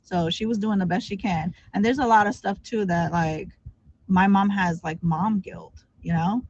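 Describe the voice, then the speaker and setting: A woman's voice: medium pitch, moderate pace, dry recording. Upbeat woman guest on a dull line. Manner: upbeat, encouraging, fillers of "like". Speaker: guest streamer. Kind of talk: casual chat.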